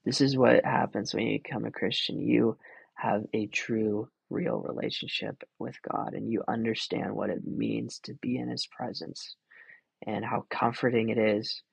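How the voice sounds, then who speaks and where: A man's voice: on the low side, fairly even intonation, moderate pace, gravelly, breathy edge, no echo, rough recording. A man in his twenties telling a personal faith story in a casual, earnest, rambling way, full of fillers and little laughs. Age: 20s. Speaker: podcast host.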